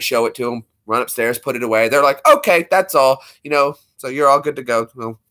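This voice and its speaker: A man's voice: medium pitch, bright, forceful tone. A man in his thirties, co-hosting a casual stream and telling stories in a joking way, laughing often. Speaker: livestream co-host. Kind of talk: casual storytelling chat.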